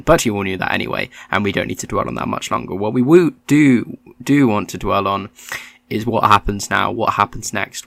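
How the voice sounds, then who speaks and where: A man's voice: on the low side, gravelly, fairly bright tone, dry recording. A man hosting a political podcast, chatty and lightly ironic. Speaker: podcast host. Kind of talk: casual political chat.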